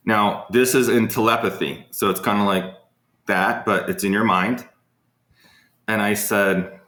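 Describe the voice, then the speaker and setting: A man's voice: low-pitched, a bit bright. A man hosting a casual live Q&A, telling rambling stories full of fillers and answering viewers' questions. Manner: rambling, anecdotal, frequent fillers. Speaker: host of a live Q&A. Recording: echoey room.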